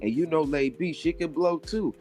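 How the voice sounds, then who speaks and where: A man's voice: on the high side, fairly quick, a little mellow. Man, stream guest, preachy and emphatic, salty language, faint music behind. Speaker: livestream guest. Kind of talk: casual chat.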